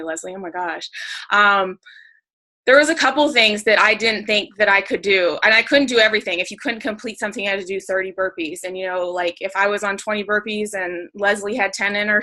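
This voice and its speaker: Bright, chatty woman on a video call. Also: mid-range voice, rough recording. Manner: chatty and emotional, filler-heavy with lots of "like". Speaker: team member sharing a story on a group call. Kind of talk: casual storytelling.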